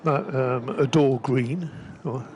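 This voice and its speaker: A man's voice: mid-range voice, takes it slowly, darkish tone, a little hiss or hum. A man giving live, rambling cricket commentary with lots of fillers, from a gazebo at the ground. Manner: chatty, rambling with frequent fillers.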